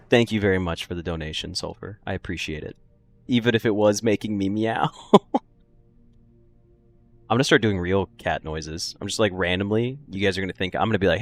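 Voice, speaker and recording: Brief: young male streamer, low voice, loose jokey commentary, chats with viewers. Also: quick pace, soft background music. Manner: joking, laughs often, reacts to chat. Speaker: gaming streamer. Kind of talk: casual let's-play commentary.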